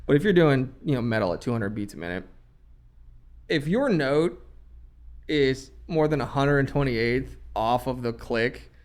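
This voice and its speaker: A man's voice: medium pitch, expressive, a little slow. A man who works as a recording engineer and producer, talking bluntly and emphatically in a casual podcast chat, swearing heavily.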